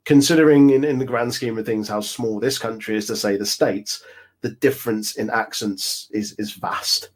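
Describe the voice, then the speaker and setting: A man from Coventry with an English Midlands accent, a podcast guest speaking from his home office, easygoing and quick to laugh. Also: fairly low pitch, steady tone. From Coventry, England. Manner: easygoing, laughs often, measured opinions. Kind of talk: casual wrestling chat.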